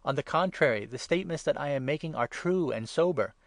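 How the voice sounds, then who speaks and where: A man reading the part of the apostle Paul as he makes an earnest, measured defense in a Bible reading. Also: on the high side, lively intonation, no echo.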